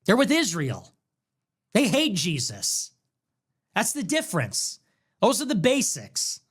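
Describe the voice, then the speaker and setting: A male livestream host in full rant, voice pitched high and swinging widely as he hammers his points with repeated phrases. His voice sounds strained and worn from hours of talking live. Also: wildly swooping pitch, slow, husky. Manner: ranting, emphatic repetition. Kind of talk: heated livestream monologue.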